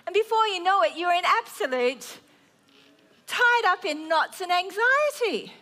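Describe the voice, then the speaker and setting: Woman, fifties, preacher, high-pitched, bright tone, earnest animated sermon. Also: measured pace. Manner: earnest and animated, acts out prayers and worries aloud.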